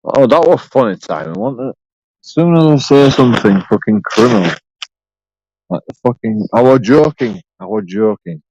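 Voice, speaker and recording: A man's voice: medium pitch, very animated, moderate pace, creaky, warm tone, breathy edge, no echo, highs cut off. A man rambling sarcastically through a profane solo vlog, repeating himself as he goes. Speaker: YouTube auditor.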